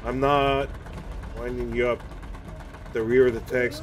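A man's voice: mid-range voice, level tone, measured pace. Man, gaming streamer, casual chat, self-mocking, blurts curses, home basement. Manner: chatty, self-mocking, swears and blurts out during play. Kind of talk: casual live-stream commentary while playing.

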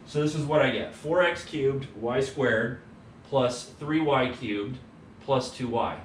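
A man's voice: medium pitch, takes it slowly. Brief: a laid-back male lecturer talking through math at home, heard from across an echoey room. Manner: relaxed, tags points with "right?". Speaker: economics teacher. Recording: roomy, distant mic, faint background hum.

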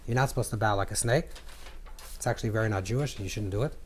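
A man teaching a Kabbalah lesson to a live group, animated, repeating words as he searches for phrasing and acting out scripture dialogue. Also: rapid-fire, a little hiss or hum. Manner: acts out scripture dialogue with swings in pitch and volume.

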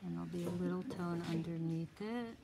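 A woman's voice: fairly low pitch, brisk, creaky, warm tone, a little hiss or hum. A woman instructor giving a live drawing demonstration to a small class, thinking aloud as she works and coaxing with short repeated cues.

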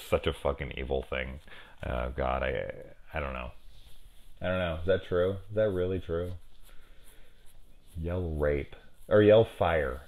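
A middle-aged man with a notably low voice talks through a horror movie in a loose, casual way. He rambles off on tangents and swears freely. It sounds like an off-the-cuff video review. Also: measured pace, pauses often, a little mellow. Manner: rambling, profane, chatty asides. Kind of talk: casual spoken film review.

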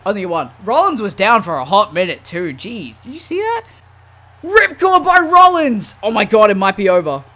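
A man giving casual, slangy commentary over a wrestling video game, swinging from low muttering to excited shouts. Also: fairly quick, hardly any pauses. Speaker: gaming YouTuber.

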